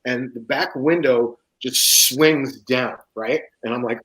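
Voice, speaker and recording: Man, casual storytelling, profane, laughing, acts out voices, mid pitch. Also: unhurried, a bit bright, rough recording. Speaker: guest author.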